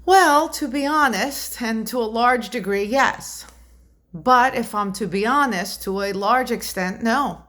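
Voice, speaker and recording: A woman's voice: on the high side, a little slow, fairly bright tone. Indignant woman giving political commentary. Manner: indignant, rhetorical, emphatic repetition. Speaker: commentary vlogger.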